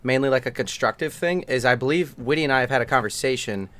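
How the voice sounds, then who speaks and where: A man's voice: mid-range voice, quick pace, a bit bright. A young man co-hosting a casual podcast chat, rambling and swearing with lots of fillers. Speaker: podcast co-host.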